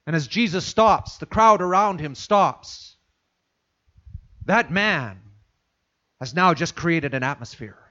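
High-voiced preacher telling a story. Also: male voice, lively intonation, a little slow, long pauses, a bit bright, lo-fi sound. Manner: storytelling, repeating phrases for emphasis. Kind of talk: sermon.

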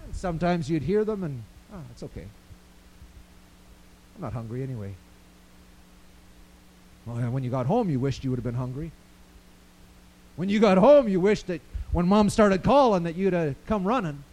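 A man preaching a sermon, swinging from quiet storytelling to loud, fervent declarations. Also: sits high, lively intonation, fairly quick, poor audio.

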